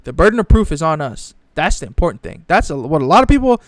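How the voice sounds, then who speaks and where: A man's voice: fairly high pitch, sing-song, fast talker, no room sound. A young man ranting in casual sports commentary, profane and exasperated, often mocking others in put-on voices.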